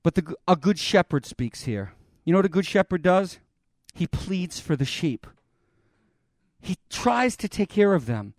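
A man preaching a sermon, dramatic and expressive as he retells a scripture scene. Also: high-pitched, unhurried, dry recording, clean studio sound. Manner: dramatic, voices God and Moses in the retelling.

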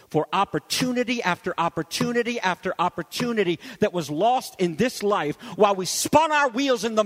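Male pastor, high voice, emphatic storytelling sermon, big reverberant room. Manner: emphatic storytelling preaching, swells then drops to quiet. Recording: long hall reverb.

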